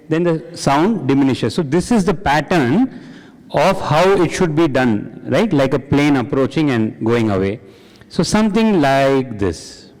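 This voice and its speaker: A man's voice: fairly high pitch, a little mellow. A man leading a spiritual group discussion. He quizzes the audience and repeats their answers back to them. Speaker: satsang discussion leader. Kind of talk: interactive spiritual talk. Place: hall with an audience. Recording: long hall reverb.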